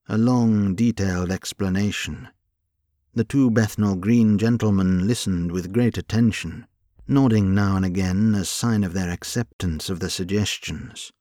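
In clean studio sound without any echo, a man whose voice sits on the low side delivers scripted audiobook narration at a measured, even pace.

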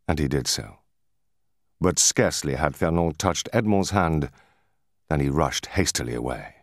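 A male narrator reading a classic novel with measured, expressive storytelling. His voice is very deep yet lively in its rise and fall. The recording is dry and close. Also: no room sound. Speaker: audiobook narrator.

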